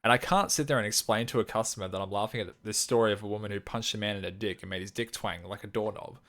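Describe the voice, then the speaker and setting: A man cohosting a casual podcast, chatty and quick to laugh, speaking into a desk microphone. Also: fairly low pitch, a bit bright. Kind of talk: casual chat.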